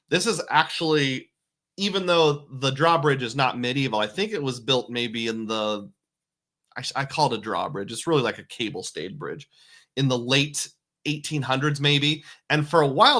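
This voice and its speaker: Bright-voiced chatty dad. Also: male voice, mid-range voice. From United States. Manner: chatty, folksy, self-correcting asides. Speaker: family travel vlogger. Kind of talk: casual voice-over narration of travel photos.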